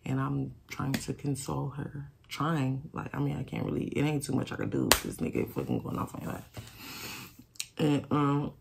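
Gravelly woman telling a candid storytime. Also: a bass voice, little pitch movement, moderate pace, heavy background noise. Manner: candid, swearing, repeats herself, quotes friends dramatically. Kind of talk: casual storytime vlog.

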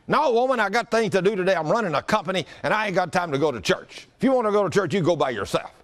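A man voicing a stubborn, hard-headed husband who brushes off his wife in a loud, dismissive drawl. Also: extremely high pitch, animated, brisk, pitched above the performer's own voice. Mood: brusque.

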